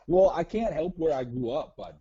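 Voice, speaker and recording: A man's voice: on the high side, expressive, moderate pace, mellow, breathy edge. A man on a call voicing a folksy man with a put-on Upper Midwest accent who keeps saying "bud.". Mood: protesting. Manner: drawling, says "bud" constantly. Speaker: caller. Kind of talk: comedic call-in bit. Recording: dull lo-fi call audio.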